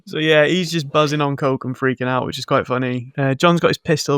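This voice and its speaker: A man's voice: mid-range voice, steady tone, fairly quick, fairly bright tone, clean tone, no room sound, clean studio sound. A man co-hosting a podcast, recapping a film in a rambling, jokey, sarcastic way. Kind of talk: casual film-recap chat.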